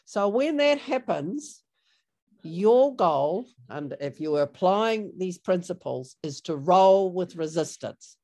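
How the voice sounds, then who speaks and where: A woman's voice: on the low side, expressive, slow pace, mellow. A middle-aged woman gives a training talk over a video call, chatty, with many fillers, and acts out sample replies. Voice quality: conversational, filler-heavy, acts out example replies. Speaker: workshop trainer.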